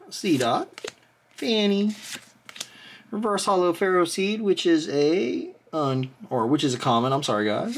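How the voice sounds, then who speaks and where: A host excitedly opening trading card packs on camera, chatting casually, often exclaiming and apologizing, and drifting into rambling asides. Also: mid-range voice, slight background noise. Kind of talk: casual pack-opening commentary.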